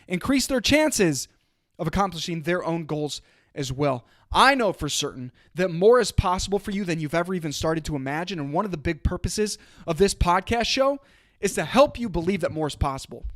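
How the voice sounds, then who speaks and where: Fired-up high-voiced motivational man. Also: dry recording, clean studio sound. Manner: fiery, emphatic, repeats phrases for punch. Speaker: podcast host and coach. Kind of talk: motivational solo podcast. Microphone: studio microphone and camera.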